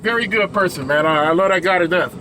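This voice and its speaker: A man's voice: high voice, fast talker, sharp tone, a little hiss or hum, low-quality recording. A man who drives trucks tells a story in a loose, casual way, swearing and laughing between his lines.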